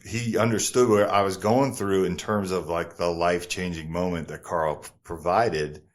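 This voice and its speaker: A middle-aged man with a New Jersey accent, a podcast guest telling a story in a lively, profane way and acting out other people's lines. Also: deep voice, normal speed. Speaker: podcast guest, former model. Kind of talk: casual storytelling interview.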